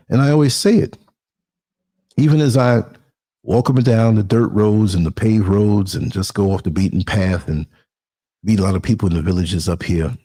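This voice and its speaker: A man's voice: on the low side, warm tone. A middle-aged man from New York with a New York accent, hosting a talk show in a reflective, rambling conversational way. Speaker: host. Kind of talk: casual talk show monologue.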